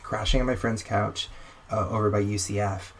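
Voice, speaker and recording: A young man appearing as a podcast guest tells a long story casually and animatedly, acting out the other people's lines in quotes. His voice is lowish and moves at a moderate pace.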